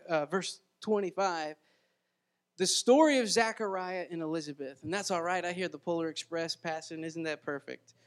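A man preaching a sermon as pastor, earnest and conversational, with frequent restarts and asides to the congregation. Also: high-pitched.

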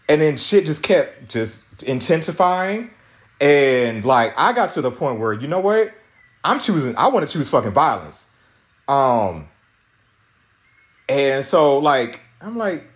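A man's voice: on the high side, very animated, moderate pace. A young man hosting a podcast, telling an angry story in a profane, agitated rant with many restarts. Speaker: podcast host.

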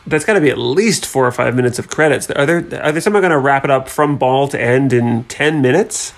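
A man's voice: medium pitch, brisk. Male co-host, casual film chat, wry and chatty, mid-range voice. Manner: chatty, wry, many filler likes. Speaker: podcast co-host.

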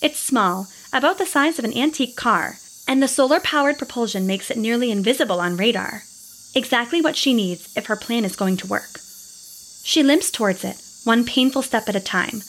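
A woman narrating a scripted space adventure story in a steady, descriptive way. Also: on the high side, normal speed, slight background noise.

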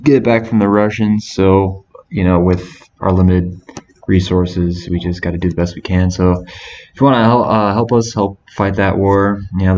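A man's voice: sits low, mellow. A man co-hosting a casual podcast, talking in a rambling, laid-back way with lots of fillers. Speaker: podcast co-host. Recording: dull lo-fi podcast audio.

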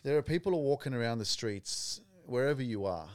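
A man's voice: mid-range voice, lively intonation, fairly quick, darkish tone, smooth, no echo. A man hosting a casual podcast interview, speaking earnestly and addressing listeners directly. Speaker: podcast host.

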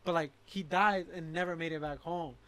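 A man's voice: a little high, fairly even intonation, normal speed, pushed and bright. A young man co-hosting a podcast in casual chat, slangy, telling stories with lots of "like". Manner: slangy storyteller, says "like" often. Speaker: podcast co-host.

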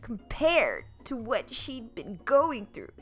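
A woman's voice: on the high side, wildly swooping pitch, slow pace, soft background music. A woman podcast host reading a children's book aloud, playful and adding comic asides. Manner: playful, laughs at her own asides.

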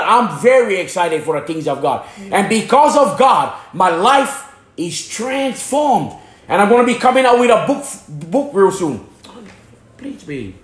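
A man from Hawaii with a very high voice gives a fervent religious testimony, repeating phrases and tripping over his words. He sounds like a preacher. The room around him is echoey. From Hana, Maui, Hawaii.

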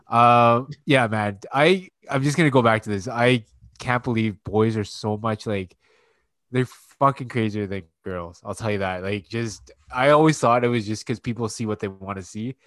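A man's voice: fairly low pitch, moderate pace, fairly bright tone, no room sound. A man in his thirties, a podcast co-host and father, telling loose, profane stories full of fillers. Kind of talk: casual chat.

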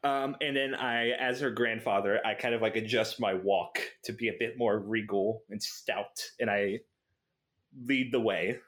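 A man's voice: lowish voice, steady tone, unhurried, a bit bright. A man playing a tabletop game, giggling often and stumbling over his words. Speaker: player.

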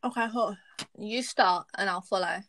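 A woman's voice: medium pitch, normal speed, fairly bright tone. A woman in her twenties co-hosting a casual podcast, playful and teasing, often breaking into laughter. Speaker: podcast co-host. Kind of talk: casual chat.

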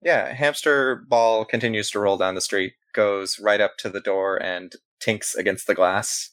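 Male GM, brisk loose narration, low and forward, dry close sound. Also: fairly even intonation, fairly bright tone, no room sound. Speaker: game master. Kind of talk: narrating a tabletop game.

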